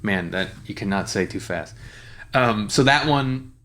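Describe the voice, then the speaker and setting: A man teaching lyric writing in a relaxed, explanatory way, with frequent fillers and restarts. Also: on the low side, unhurried, a little hiss or hum. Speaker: songwriting teacher. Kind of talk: casual screen-share tutorial.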